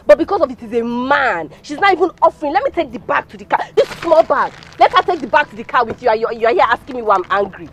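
An actress with a Nigerian accent playing a jealous young woman who confronts her boyfriend with sharp complaints. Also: high voice, big pitch swings, fast talker, few pauses, a little hiss or hum. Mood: indignant. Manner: indignant, sharp rising complaints.

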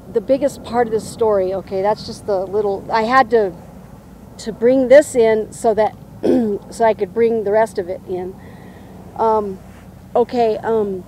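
A woman earnestly telling a personal testimony, halting with many restarts and ums. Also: a little high, dark tone, a little hiss or hum.

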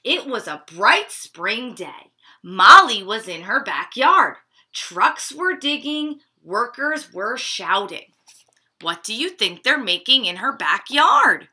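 A woman reading a picture book to children at home, pausing to ask them questions about feelings. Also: a little high. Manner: asks children questions, expressive. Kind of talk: children's story time read-aloud. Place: living room at home.

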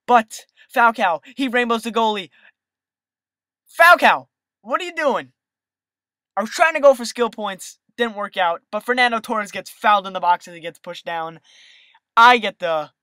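A young gamer giving excitable gameplay commentary over a football video game, swinging between hype and annoyed rants. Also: medium pitch, normal speed, long pauses, clean tone, dry recording, studio quality. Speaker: gaming video host.

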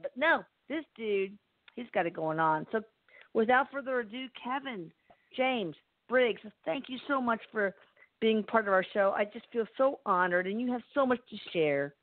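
A woman with a fairly high, expressive voice hosts a show, introducing her guest at a moderate pace in a gushing, chatty, playful way. It's an enthusiastic, casual introduction, recorded dry over a tinny, phone-like line.

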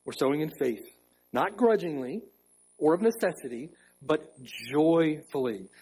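A man preaching a sermon as pastor in a church, emphatic, repeating key phrases and slowing down to stress them. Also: a little high, very animated, darkish tone, breathy edge, low-quality recording. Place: church sanctuary.

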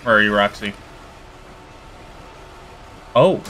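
A man hosting a horror game playthrough, talking casually and reacting loudly, yelping at scares and grumbling when frustrated. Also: sits high, very animated, moderate pace, pauses often, faint music behind. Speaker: gaming video host. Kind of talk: let's play commentary.

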